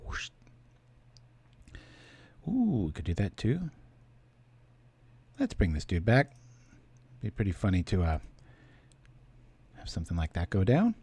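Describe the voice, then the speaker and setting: A man's voice: deep voice, huge pitch swings, slow, long pauses, mellow, husky. A man giving casual, chatty commentary while he plays a card game on stream, thinking aloud and thanking viewers.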